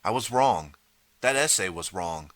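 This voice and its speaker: A man's voice: sits low, animated, unhurried, a bit bright, dry recording. A man voicing a desperate, eager boy who keeps pleading to be believed. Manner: pleading, earnest.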